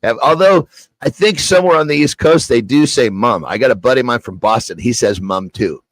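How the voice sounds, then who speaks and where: A man's voice: medium pitch, expressive, a little fast, no room sound, low-quality recording. Laid-back, joking male co-host. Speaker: talk show co-host. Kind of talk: casual talk show banter.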